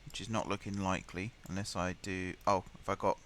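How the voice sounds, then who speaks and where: A man's voice: deep voice, flat delivery, brisk, a bit bright, a little hiss or hum. A man streaming live, muttering and thinking aloud as he plays, and easily exasperated. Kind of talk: live gameplay commentary.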